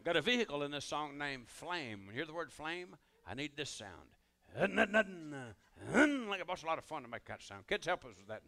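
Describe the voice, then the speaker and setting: A man's voice: a little high, very animated, normal speed, creaky, bright, forceful tone. An older man doing live stand-up storytelling on stage, folksy and rambling, with drawling asides to the audience. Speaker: comedian and musician on stage.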